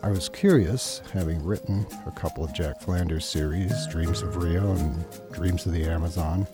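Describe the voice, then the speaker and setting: Older guy with a very low voice, dry wry podcast talk, music under it. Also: moderate pace. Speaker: podcast host and writer. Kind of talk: spoken podcast commentary.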